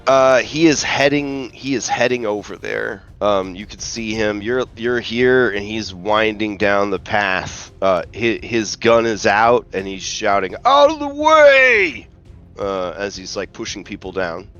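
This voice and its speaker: Low-voiced man running a tabletop game. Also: measured pace, hardly any pauses, smooth, lo-fi sound, soft background music. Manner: relaxed, hesitant with many fillers. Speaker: game master.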